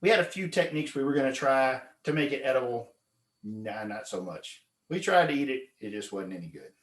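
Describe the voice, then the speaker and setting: A man telling a fishing story as a club speech, animated, acting out his friends' voices with loud high yells. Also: brisk, reverberant. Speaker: club speaker. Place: meeting room.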